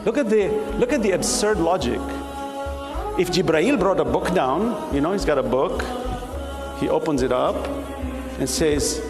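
Man, sermon, emphatic and rhetorical, occasional shouts, echoey hall, music playing behind. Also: on the high side, animated, unhurried, pauses often. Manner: emphatic, rhetorical, acts out dialogue, bursts into shouts. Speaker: preacher.

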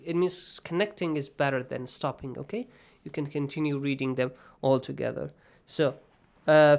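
A man teaching tajweed rules in an online Quran lesson, patiently quizzing his students. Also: fairly high pitch.

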